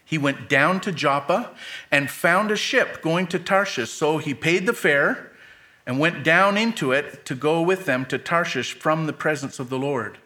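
A man's voice: a little high, measured pace, pushed and bright. A middle-aged man preaching a sermon, reading scripture aloud with dramatic lifts for quoted lines and adding plain asides.

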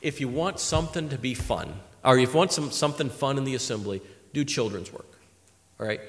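A man preaching a sermon in an animated way, swinging from loud emphasis to quiet asides. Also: mid-range voice, brisk. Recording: long hall reverb.

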